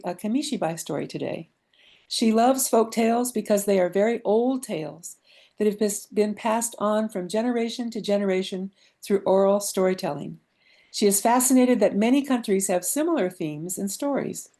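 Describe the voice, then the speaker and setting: A woman hosting a storytelling event who reads a plain introduction of the next teller. Her voice is mellow and warm, at a middle pitch.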